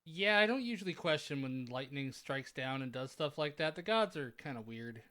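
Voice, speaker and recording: A player in a casual tabletop role-play, talking in a hesitant, gentle way with stammered restarts. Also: medium pitch, animated, moderate pace.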